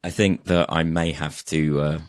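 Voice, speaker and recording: A man's voice: a bass voice, fairly even intonation, moderate pace. A man co-hosting a podcast, chatting casually with sweary, laughing banter. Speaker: podcast co-host. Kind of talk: casual chat.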